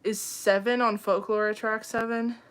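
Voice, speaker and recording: A woman's voice: on the high side, level tone, normal speed, a bit bright, clean tone. A young woman hosting a casual livestream, chatting with viewers, reading their comments aloud, with frequent ums and laughs. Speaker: livestream host.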